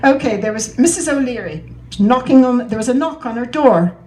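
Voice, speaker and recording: A woman's voice: fairly high pitch, expressive, fairly quick, mellow, poor audio. An older woman telling jokes on stage at a talent show, chatty and laughing at her own punchlines. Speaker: joke teller at a talent show. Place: community event room.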